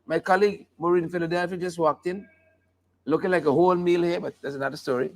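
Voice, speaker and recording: A man with a high, gravelly voice talks fast in a steady tone while hosting a live talk show. He jokes and riffs on the news in a playful, casual way, often singing snippets and laughing.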